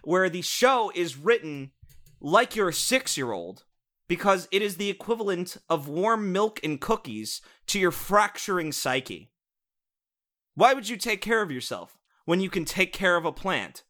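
A man's voice: high voice, very animated, a little slow, pushed and bright. A young man co-hosting a podcast, ranting sarcastically about cartoons with lots of swearing. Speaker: podcast co-host reviewing cartoons. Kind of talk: casual comedic rant.

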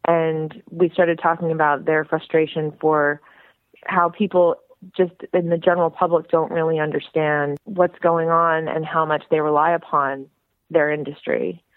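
A woman's voice: low-pitched, moderate pace, no echo. A woman filmmaker, a friendly and outgoing talker, telling her story as a guest in a phone interview. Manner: chatty, outgoing, animated storyteller. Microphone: telephone. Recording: tinny phone line.

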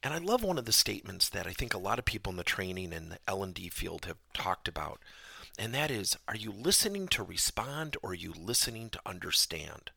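A man hosts a podcast lesson, his voice gravelly and a little husky, with a bright, forceful edge. His pitch swings widely as he presses rhetorical questions. The sound is dry and close. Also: brisk, no room sound. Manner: animated, emphatic, rhetorical questions. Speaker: podcast host and workplace trainer. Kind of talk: podcast lesson with personal stories.

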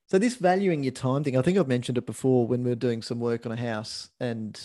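Aussie bloke co-hosting a chatty podcast, swears a bit, laughs easy. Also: male voice, medium pitch, fairly even intonation, brisk, warm tone. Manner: laughs often, swears casually. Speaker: podcast co-host. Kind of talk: casual chat.

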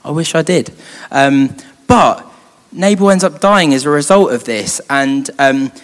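A man's voice: a little high, measured pace. A young man, a youth leader, telling a Bible story in a chatty way with joking asides. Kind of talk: casual Bible storytelling talk. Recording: long hall reverb.

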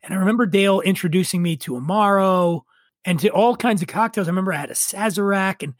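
Middle-aged man with a high voice: a drinks writer spinning loose, profane stories with self-mocking laughs, recorded dry and close. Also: quick pace, no room sound. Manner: animated, swears freely, laughs at himself. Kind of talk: casual interview storytelling.

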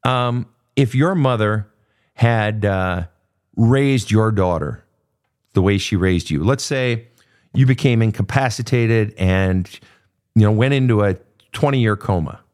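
A man's voice: on the low side, slow, darkish tone, clean tone. A man coaching a guest through her family history, blunt and profane, pressing her with repeated pointed questions. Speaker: host. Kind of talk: confrontational coaching session.

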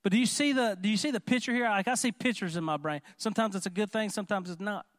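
A man preaching a sermon in an animated, conversational way, often asking the congregation questions. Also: high voice, quick pace, no room sound, clean studio sound. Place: church.

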